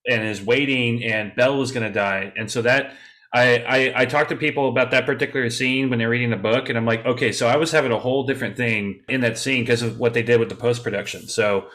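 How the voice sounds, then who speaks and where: A man in a casual podcast discussion, telling an animated story with hesitant restarts. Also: mid-range voice, quick pace. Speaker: podcast guest.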